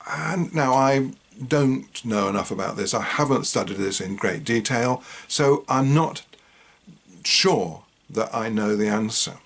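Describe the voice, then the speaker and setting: A man's voice: medium pitch, expressive, a little slow, fairly bright tone. A man retelling and commenting on scripture in a casual, musing way, often tagging his points with rhetorical questions. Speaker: host.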